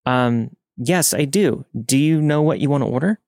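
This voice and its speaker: A man's voice: medium pitch, animated, measured pace, no echo, studio quality. A man voicing a young waitress who speaks with a polite customer-service tone that turns firm.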